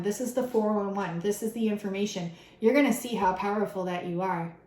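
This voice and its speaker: A woman doing a casual tarot reading for her viewers, excitable and swearing freely as she talks straight to the camera. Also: medium pitch, roomy sound, poor audio. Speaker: tarot reader. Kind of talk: casual spiritual reading vlog.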